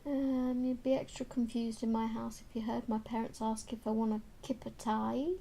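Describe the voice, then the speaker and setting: A woman hosting a casual colouring livestream, chatting with viewers and reading out their comments, with soft murmured asides to herself as she works. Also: on the high side, little pitch movement, brisk, slight background noise. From United Kingdom. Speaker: livestream host.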